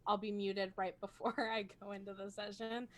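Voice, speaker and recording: On a video call, a woman playing a role-playing game talks casually, chatty and self-conscious and laughing often. Her medium-pitched voice has a level tone at normal speed, picked up by a home streaming microphone.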